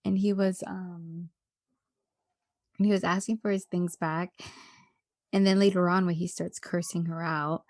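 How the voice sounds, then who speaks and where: Woman co-host, lively gossipy recap delivery, dry close sound. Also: on the low side, measured pace, long pauses, no echo. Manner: animated, acts out quotes from the show. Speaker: podcast co-host. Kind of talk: casual reality-TV recap chat.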